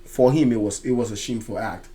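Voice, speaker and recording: A man hosting a music reaction, explaining lyrics line by line in casual, slangy talk with loud excited outbursts. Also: on the low side, fast talker.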